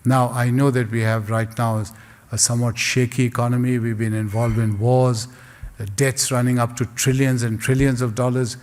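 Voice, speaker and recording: A man giving a public lecture and answering audience questions in a measured, rhetorical way with humorous asides. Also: medium pitch, flat delivery, darkish tone. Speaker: guest speaker. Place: lecture hall. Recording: long hall reverb.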